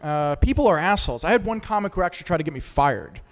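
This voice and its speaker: At an open mic in a small performance studio with a live audience, a stand-up comic works through a crude, self-deprecating set and teases the crowd. His fairly high, expressive voice moves fast, trailed by a long reverb tail.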